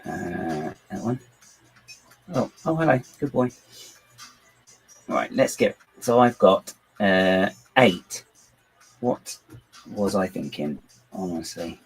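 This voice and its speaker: While building models on his computer during a casual home livestream, the man rambles, jokes at his own expense, and talks to his dog and himself. His fairly low voice is very animated yet slow, broken by long pauses. Soft background music sits under the low-quality recording.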